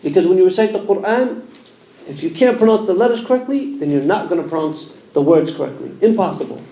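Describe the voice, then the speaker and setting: A man's voice: sits high, lively intonation, quick pace, warm tone. A man teaching Quran pronunciation in a mosque class, sounding out letters and quizzing his students with questions. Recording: echoey room.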